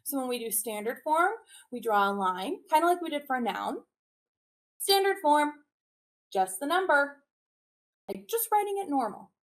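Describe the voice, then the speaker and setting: A woman teacher giving a webinar demonstration, animated and drilling phrases in a sing-song call-and-response. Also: high voice, a little fast, hardly any pauses. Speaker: early childhood teacher presenting a webinar. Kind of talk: teacher demonstration with chants and repetition.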